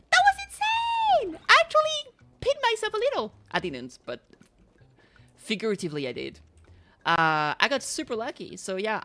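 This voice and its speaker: A woman streaming a game and chatting casually with viewers, bubbly and excitable, swearing now and then. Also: medium pitch. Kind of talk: casual live-stream chat while gaming.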